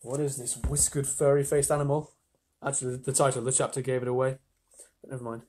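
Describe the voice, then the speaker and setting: A man reading a children's story aloud on a live stream, chatty, with playful asides, his voice slightly husky. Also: medium pitch, level tone, fast talker, dark tone, a little hiss or hum.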